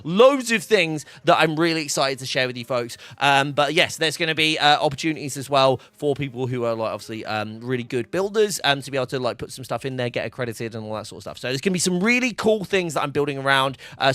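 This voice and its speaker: A man's voice: fairly high pitch, pushed and bright, dry recording. A man streaming from home, chatting casually with lots of fillers and restarts. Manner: rambling, many fillers and restarts. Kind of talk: casual live-stream chat. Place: home room.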